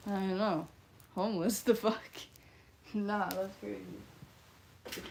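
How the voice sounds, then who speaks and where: Woman streamer, Midwestern twang, fry-heavy voice, casual and profane. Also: mid-range voice, fairly even intonation, takes it slowly, pauses often. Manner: blunt, offhand and profane, laughs often. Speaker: livestreamer. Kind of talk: casual livestream chat, reading viewer comments.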